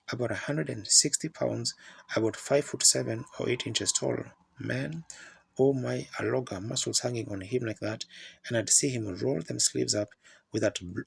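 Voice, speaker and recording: A man preaching a sermon, telling folksy stories in plain rural grammar with a gravelly, raspy voice. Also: medium pitch.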